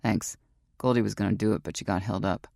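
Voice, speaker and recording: A woman voicing a steady, direct male biker club man who speaks calmly and reassuringly over the phone. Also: rumbling low, quick pace, gravelly, no echo, clean studio sound, voice pushed down, full character voice.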